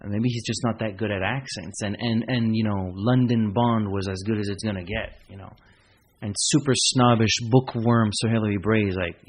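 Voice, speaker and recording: A man's voice: fairly low pitch, fairly even intonation, moderate pace, slightly rough. Man co-hosting a film podcast. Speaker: podcast co-host. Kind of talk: casual film review chat.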